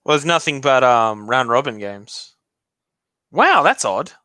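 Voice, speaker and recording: A man with a refined Australian accent that leans British, chatting his way through a hockey reaction stream. His voice is bright and forceful, smooth and crisp, with a dry, close sound and no room around it. He keeps things loose and joking and laughs often. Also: mid-range voice, expressive, a little slow, dry recording. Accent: refined Australian, leaning British. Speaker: live stream host. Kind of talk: casual hockey reaction commentary.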